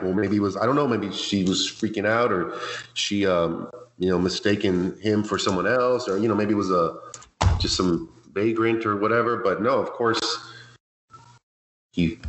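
Fields: Sex: man. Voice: low. Style: scary story telling. Room: echoey. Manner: conversational, keeps checking in with "right?". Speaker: podcast storyteller. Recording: echoey room, faint noise.

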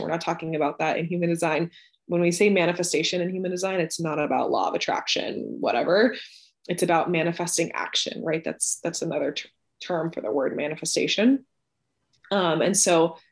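A young adult woman explaining a personal belief system in casual, chatty talk, often checking in with "right?" and filling her sentences with "like". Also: fairly low pitch. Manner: chatty, frequent "like" and "right?", animated emphasis. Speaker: podcast guest explaining Human Design.

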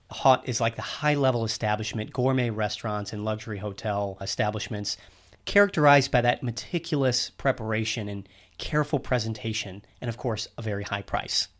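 A man's voice: on the low side, normal speed. Chatty male podcast host, explaining. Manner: chatty, explanatory, self-teasing. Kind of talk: casual podcast conversation.

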